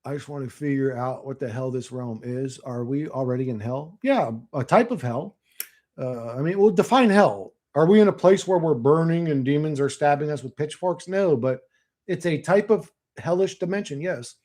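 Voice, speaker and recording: A man's voice: on the high side, moderate pace, darkish tone. A young man ranting crudely on a casual livestream, rambling and slangy, slipping into mocking impressions. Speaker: streamer answering chat. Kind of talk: profane casual livestream rant.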